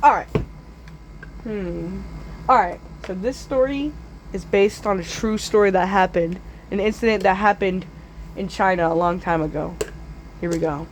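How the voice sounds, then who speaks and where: A woman telling absurd comic stories in a drawling way, with sudden loud squealing outbursts. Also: medium pitch, measured pace, long pauses, slight background noise. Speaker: storyteller. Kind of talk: absurd comedic storytime.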